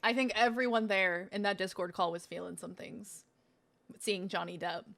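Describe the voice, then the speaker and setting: A woman's voice: mid-range voice, steady tone, moderate pace, creaky, fairly bright tone. A young woman streaming, chatting casually and swearing a lot while she tastes snacks. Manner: chatty, swearing, laughing, talking while eating. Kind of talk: casual unboxing stream chat.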